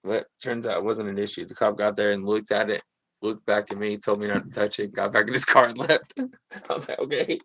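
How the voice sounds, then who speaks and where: Young man, low voice, laid-back rambling storyteller, laughs a lot, casual stream chat. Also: fairly even intonation, brisk, a bit bright, no room sound, poor audio. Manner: rambling, laughs through stories. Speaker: streamer drawing with a guest. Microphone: video call.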